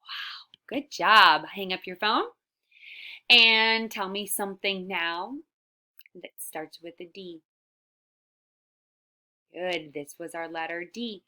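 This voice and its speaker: A woman teacher giving a phonics lesson to young children, sounding out letters slowly and praising often. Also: medium pitch, fairly even intonation, bright, forceful tone. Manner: slow, stretched-out letter sounds, encouraging. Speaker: early-years teacher.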